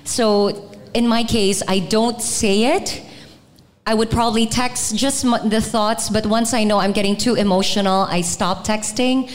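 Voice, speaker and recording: A Filipino woman with a mid-pitched voice speaks candidly at a live podcast taping. She sounds reflective and thoughtful, and she mixes Tagalog words into her English. The long reverb of a hall trails behind her words. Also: fairly even intonation, unhurried. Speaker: podcast co-host. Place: live show venue.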